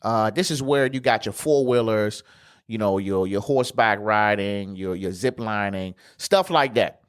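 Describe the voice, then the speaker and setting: A man's voice: lowish voice, unhurried, smooth. A man hosting a podcast, telling a travel story in a loose, slangy, profane way with plenty of fillers. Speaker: podcast host. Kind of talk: casual storytelling.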